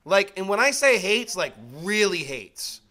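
Bright high-voiced man teaching the Bible. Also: big pitch swings, unhurried. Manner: conversational, full of rhetorical questions and "like"; emphatic, repeats his points.

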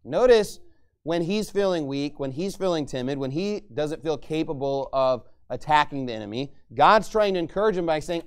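A man teaching scripture from the pulpit in a relaxed, conversational sermon. His voice sits a little high for a man and sounds smooth and resonant. When he voices the people in the passage, he lifts his pitch and volume to dramatize them. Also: moderate pace. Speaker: preacher.

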